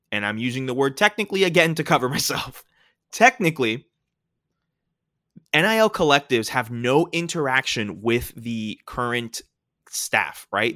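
A man's voice: medium pitch, pushed and bright, dry recording, clean studio sound. A man hosting a casual sports talk show, explaining his points emphatically and often checking in with "right?".

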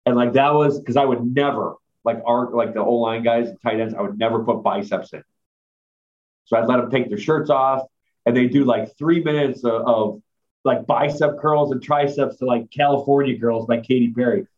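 A man's voice: medium pitch, fairly even intonation, moderate pace, a little mellow. A man, a former strength coach, rambling through anecdotes in a casual chat with lots of fillers. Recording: dull lo-fi sound.

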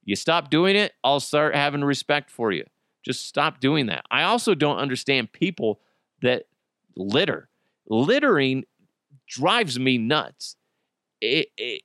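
A man hosting a casual comic podcast, swearing freely and laughing at his own jokes. His bright voice swings widely in pitch. The sound is close and dry. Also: dry recording. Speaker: podcast host. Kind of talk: casual comedic podcast monologue.

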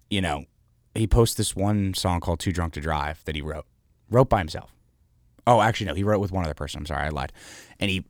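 In a relaxed interview, the founder of an artist house spins lively, meandering stories, peppered with filler words and curses. His voice sits low, and the studio-quality audio carries no echo.

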